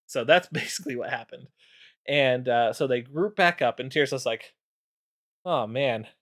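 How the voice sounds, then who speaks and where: A man's voice: mid-range voice, normal speed, a bit bright. A man streaming, casually recapping game lore with lots of fillers.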